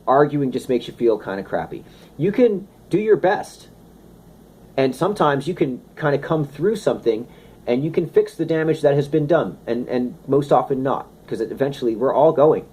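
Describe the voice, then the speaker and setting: A man giving a casual, animated talk on health and wellness, slipping into playful asides. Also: mid-range voice, moderate pace, slightly rough. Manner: animated, conversational, slips into playful impressions. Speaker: wellness speaker.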